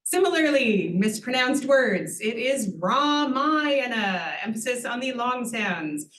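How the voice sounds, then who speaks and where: In an unhurried, animated voice pitched fairly high, a woman introduces an audience at a university event to Sanskrit. She teaches with patience and a bit of humor, often asking "right?" Her voice echoes in the room.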